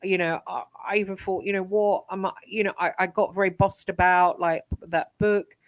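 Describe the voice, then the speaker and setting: A woman, an interview guest, telling her life story frankly, with many pauses and restarts. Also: mid-range voice, fairly even intonation, dry recording. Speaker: interview guest, psychic medium and author.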